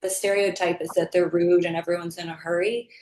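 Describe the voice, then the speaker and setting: A woman's voice: on the low side, level tone, a little fast, darkish tone. A woman chatting casually and eagerly in a conversation. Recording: echoey room with faint noise.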